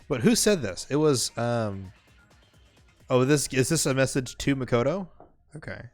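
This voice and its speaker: A man's voice: medium pitch, lively intonation, moderate pace, vocal fry. A male streamer with a mid-range voice reads game text aloud and drifts into loose, filler-heavy commentary. Faint game music plays under him. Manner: casual, rambling, many fillers.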